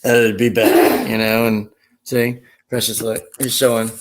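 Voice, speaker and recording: Guy joking around in a relaxed chat, retelling old movie bits. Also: normal speed, slight background noise. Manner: joking, retells film scenes with silly high voices. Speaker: conversation partner. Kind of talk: casual chat.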